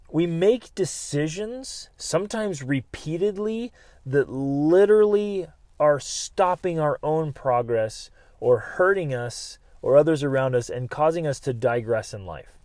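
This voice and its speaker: A man hosting a family podcast, telling a personal story in a lively way, laughing and acting out other people's lines before drawing a life lesson. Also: a little high, no room sound. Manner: animated, laughing storyteller who acts out voices. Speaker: podcast host.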